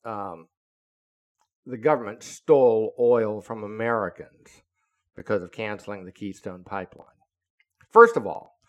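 A man in his seventies, a retired naval officer, telling a story in an indignant, deliberate, lecturing way. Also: mid-range voice. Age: 70s. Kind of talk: casual storytelling monologue.

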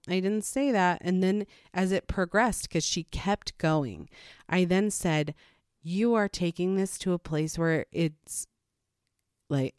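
Mom talking straight about parenting, low voice, dry close sound. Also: female voice, clean tone, dry recording. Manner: frank, matter-of-fact, with animated quoted asides. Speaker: parenting vlogger. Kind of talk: casual advice talk.

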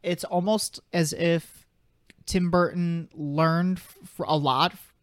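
A man's voice: a little high, steady tone, slow, no echo, clean studio sound. A man in his twenties co-hosting a podcast in casual chat, rambling with lots of fillers and side tracks. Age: 20s. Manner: rambling, filler-heavy and sidetracked. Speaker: podcast co-host.

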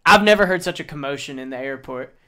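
A young man co-hosting a casual podcast, his voice sitting a little high. He tells stories with plenty of swearing and bursts into loud acted-out quotes. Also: quick pace, smooth. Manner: animated storyteller, swears a lot, acts out quotes loudly. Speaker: podcast co-host. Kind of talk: casual chat.

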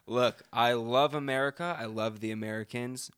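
A man's voice: mid-range voice, normal speed, clean tone, no room sound, clean studio sound. A young man hosting a podcast, chatting casually in a joking, teasing way. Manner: joking, animated. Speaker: podcast host. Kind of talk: casual chat.

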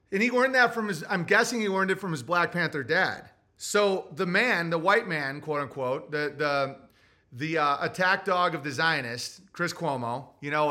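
Bright high-voiced New Jersey man. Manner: animated, acts out quotes in put-on voices. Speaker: podcast host. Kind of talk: casual monologue.

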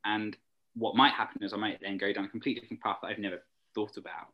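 A man's voice: lowish voice, fairly even intonation, very fast, dull audio. A young man chatting eagerly as an interview guest, rambling with fillers. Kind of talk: casual interview chat.

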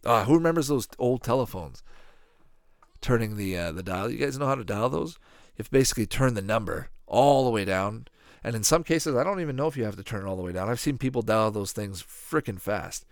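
A man giving casual, rambling reaction commentary on a cartoon as he watches it, with profane, animated asides. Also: fairly low pitch, a little fast, dry recording, clean studio sound.

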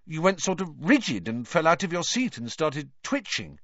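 A man's voice: on the high side, sing-song, moderate pace, fairly bright tone, no echo, voice pushed up, full character voice. Hermione, a man doing an earnest clever girl. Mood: explaining. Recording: dull lo-fi recording.

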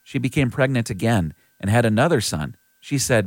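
A man giving a clear, steady scripted reading of scripture. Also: mid-range voice, normal speed, no echo. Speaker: scripture reader.

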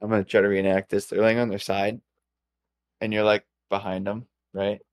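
A young man on a podcast, talking in a lowish voice as he rambles through stories. He stops and restarts his thoughts. The sound is dry, with no room around it. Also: level tone, clean tone, no room sound. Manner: rambling storyteller, halting restarts. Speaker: podcast co-host. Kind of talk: casual chat.

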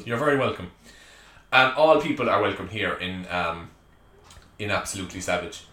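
An Irish man hosts a solo comedy podcast from a small room at home, his voice medium-pitched and fairly bright. He rants chattily with plenty of joking asides, and the room sounds echoey.

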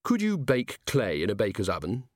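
A man's voice: lowish voice, huge pitch swings, normal speed, dry recording. A man voicing a nervous young female dwarf watch officer in an audiobook, with a timid, quavering manner. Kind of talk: audiobook character voice. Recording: dry close studio sound.

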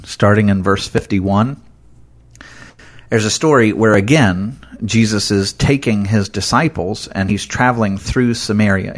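An earnest male preacher with a somewhat low voice delivers a conversational sermon. He speaks with animated emphasis and keeps dropping in casual fillers as he works through scripture.

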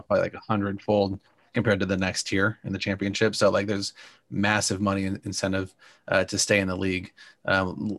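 A man's voice: low-pitched, gravelly, a bit bright, dry recording. A young man co-hosting a sports podcast, talking casually with many fillers and restarts. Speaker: podcast co-host, soccer fan.

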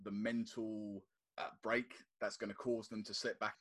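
A man's voice: on the low side, moderate pace. A man co-hosting a casual football podcast, telling stories and acting out what people said. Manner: animated storytelling, acts out quotes. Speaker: podcast co-host.

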